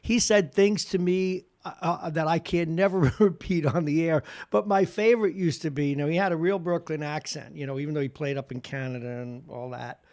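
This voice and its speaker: Older male radio host, animated. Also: fairly high pitch, brisk, few pauses. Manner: animated, rambling, repeats words. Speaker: radio morning show host. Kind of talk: casual radio talk. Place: radio studio.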